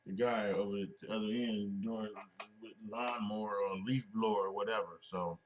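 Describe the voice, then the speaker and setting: A man's voice: on the low side, steady tone, normal speed, slight background noise. A man hosting a solo wrestling podcast, talking casually and rambling with many restarts and fillers. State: sleepy, yawning.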